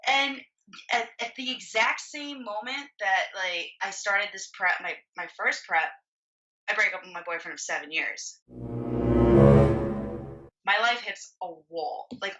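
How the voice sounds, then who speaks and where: A young woman with a bright, sharp voice tells her story in a loose, candid way, swearing freely and leaning on "like". She sounds set back from the mic, and the recording is dull and a bit muffled. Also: medium pitch, distant mic. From Florida. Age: 20s. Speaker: podcast guest, bodybuilding competitor. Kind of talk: casual storytelling.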